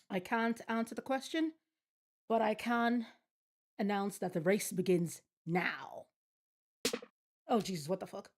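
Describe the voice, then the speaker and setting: A woman's voice: mid-range voice, a little mellow. A woman streaming a game, reading its text aloud and reacting with bemused, swearing commentary. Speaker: gaming streamer. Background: game music.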